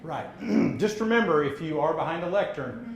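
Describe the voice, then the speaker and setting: A man coaching speakers in a live public speaking workshop, brisk and encouraging, giving direct feedback. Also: fairly high pitch, expressive, vocal fry, crowd noise. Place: seminar room. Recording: echoey room, faint background noise.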